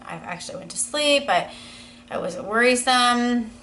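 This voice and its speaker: Earnest, bright-voiced woman in her thirties. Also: a little high, animated, measured pace, slight background noise, rough recording. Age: 30s. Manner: earnest, rambling, many "you know" fillers. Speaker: vlogger. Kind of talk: casual personal vlog monologue.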